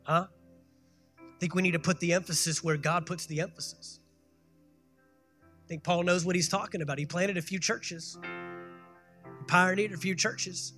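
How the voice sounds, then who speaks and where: Emphatic preaching man with music. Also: sits high. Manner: preachy, rising to loud emphatic peaks, calls for congregation response. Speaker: pastor. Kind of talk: sermon. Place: church sanctuary.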